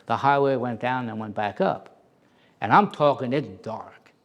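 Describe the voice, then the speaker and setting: A man who plays Santa, telling a casual anecdote in an animated way and acting out the voices of the people in it. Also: medium pitch, a little slow, creaky, dull audio. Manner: animated, acts out quoted voices.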